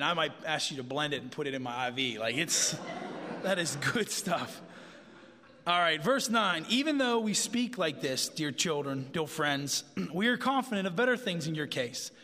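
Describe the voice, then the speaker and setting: A man giving a casual, animated sermon as a pastor, often repeating himself as he goes. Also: fairly high pitch, in a large hall.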